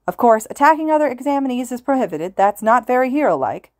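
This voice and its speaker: Woman doing a booming male announcer, hyped showman, loud and high, dry close sound. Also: a little fast, no echo, close to an everyday voice. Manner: booming showman calls to listeners.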